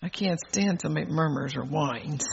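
A man's voice: a little high, moderate pace, gravelly, slight background noise. An older man preaching a sermon, bold and exhorting, chuckling between phrases, on a dull lo-fi recording.

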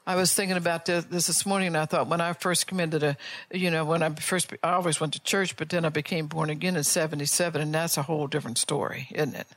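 A woman's voice: sits low, steady tone, fast talker, few pauses, no room sound. An older woman preaching a fervent sermon, firing off rhetorical questions and often restarting or repeating her words as she builds to an altar call.

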